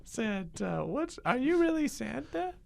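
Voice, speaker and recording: A man's voice: extremely high pitch, big pitch swings, unhurried, gravelly, darkish tone, voice pushed up, full character voice. A man playing a kid in an improv comedy scene, teasing and mocking Santa, laughing mid-sentence. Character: kid annoyed at getting coal from Santa.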